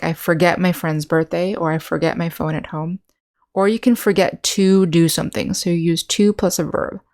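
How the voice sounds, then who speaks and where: Slow, careful American woman teaching English. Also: fairly low pitch, a little mellow. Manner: slow, carefully enunciated model sentences. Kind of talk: online English lesson.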